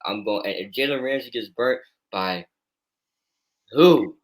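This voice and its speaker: A man co-hosting a casual football picks show, blunt and excitable with trash talk. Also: medium pitch, measured pace, rough recording. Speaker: co-host. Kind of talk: casual sports picks chat.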